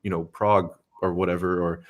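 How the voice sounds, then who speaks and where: A man's voice: deep voice, level tone, a little fast. An American man hosting a podcast, talking casually in a rambling way with lots of fillers and easy laughter. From United States. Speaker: podcast host. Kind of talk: casual conversation.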